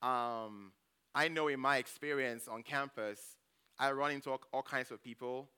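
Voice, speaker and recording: A man gives a conversational sermon as a church elder. His voice is bright and smooth. He tells personal stories, acts out his own reactions, and keeps checking in with the congregation. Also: medium pitch, moderate pace. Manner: storytelling, frequent "okay?" checks with the congregation.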